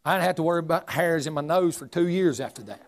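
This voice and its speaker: A man's voice: fairly high pitch, quick pace. A man, preaching a sermon as a folksy, humorous storyteller. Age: 40s.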